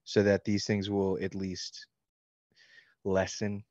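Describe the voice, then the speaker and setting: An author speaks slowly in a low, monotone, slightly mellow voice as he signs books and fields fan questions. He chats candidly, cracking jokes and swearing freely in a casual interview setting. There's no room sound, and the audio is lo-fi.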